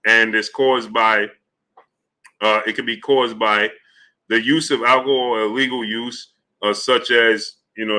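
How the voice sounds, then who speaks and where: A man hosting a live boxing talk stream. He greets viewers one by one in a loose, casual, slangy way. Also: medium pitch. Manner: loose, repetitive shout-outs in a friendly drawl, slips into slang.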